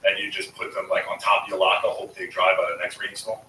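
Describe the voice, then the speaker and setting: Profane, blunt, bright-voiced man. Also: low-pitched, little pitch movement, quick pace, recorded from a distance. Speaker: guest, former sanitation worker. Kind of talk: casual storytelling. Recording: echoey room, voice off-mic, faint room noise.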